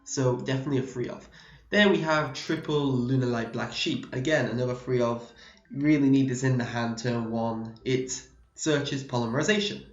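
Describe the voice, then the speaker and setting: A man's voice: mid-range voice, normal speed, reverberant, lo-fi sound, faint music behind. Man from the UK explaining a card deck. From United Kingdom. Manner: rambling, self-correcting, explanatory. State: slightly losing his voice. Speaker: card game deck reviewer. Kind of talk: casual deck profile explanation.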